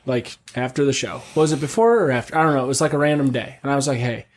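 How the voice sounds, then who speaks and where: A man's voice: medium pitch, fairly even intonation, rapid-fire. A man hosting a casual podcast, rambling and swearing freely as he jokes with his co-hosts. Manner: rambling, profane, joking. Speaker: podcast host. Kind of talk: casual chat.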